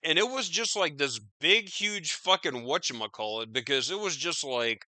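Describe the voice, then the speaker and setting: A man's voice: on the high side, lively intonation, moderate pace, hardly any pauses, bright, forceful tone, no room sound. A man hosting a podcast, riffing on news in a profane, rambling, incredulous way. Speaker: podcast host. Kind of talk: casual news commentary.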